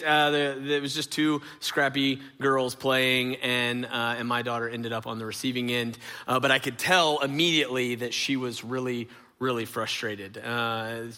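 A man's voice: medium pitch, bright, forceful tone. A middle-aged man preaching a conversational sermon, telling stories with many fillers and speaking straight to his congregation. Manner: storytelling, filler-heavy, addresses audience directly. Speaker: pastor. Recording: long reverb of a large hall.

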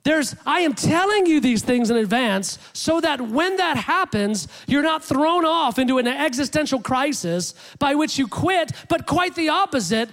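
A man preaching a sermon in a lively, animated way, acting out quotes with rising pitch. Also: moderate pace, few pauses. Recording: long hall reverb.

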